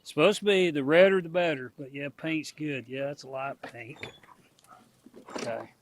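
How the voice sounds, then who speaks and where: A man's voice: a little high, moderate pace, slight background noise. A middle-aged man, chatting casually to his viewers and animals outdoors on a farm. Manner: folksy, talks to animals and viewers. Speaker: homestead vlogger.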